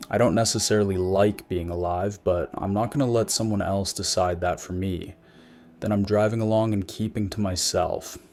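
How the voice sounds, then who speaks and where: Low-voiced man narrating wryly. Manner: wry, matter-of-fact storytelling. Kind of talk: scripted narration of a creepy story.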